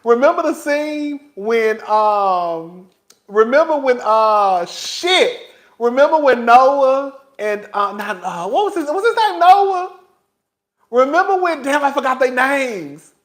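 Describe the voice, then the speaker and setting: A man vlogger telling a story in a casual, animated and dramatic way, laughing often and calling his listeners girl. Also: very high voice, takes it slowly.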